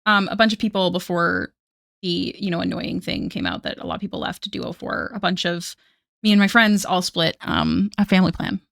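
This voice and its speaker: A woman's voice: lowish voice, wildly swooping pitch, moderate pace, gravelly, a bit bright. A woman streamer chatting casually on a live art stream, self-deprecating and laughing often.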